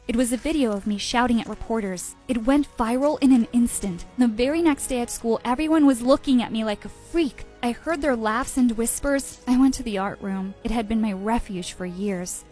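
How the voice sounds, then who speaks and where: A woman narrating a first-person storytime tale in an even, measured way. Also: fairly high pitch. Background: background music.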